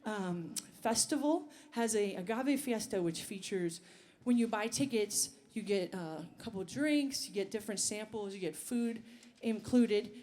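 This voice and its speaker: A woman's voice: medium pitch, warm tone, slight background noise. A woman singer and bandleader talking to the crowd between songs, chatty and rambling, on an outdoor festival stage.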